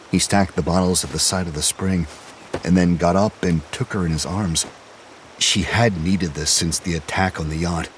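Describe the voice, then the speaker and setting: A man narrating an audio drama in a measured storytelling way. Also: deep voice, a little hiss or hum.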